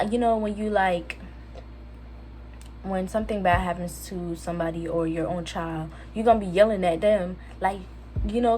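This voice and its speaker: A teenage girl from Jamaica telling a casual storytime on her channel, chatty with lots of fillers. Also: lowish voice. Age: teens. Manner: chatty, lots of fillers, quotes others in lively voices. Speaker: vlogger. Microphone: phone camera.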